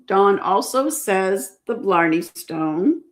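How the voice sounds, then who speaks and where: On a casual livestream trivia chat, a woman host patiently repeats each question and reads viewers' answers aloud. Her medium-pitched voice is animated but slow.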